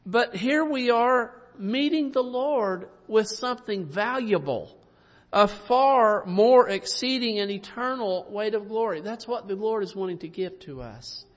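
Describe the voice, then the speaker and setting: A man preaching a sermon in a folksy way, asking the congregation tag questions and chuckling softly now and then. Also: high voice, expressive, a little slow. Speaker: pastor. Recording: dull sound with long reverb.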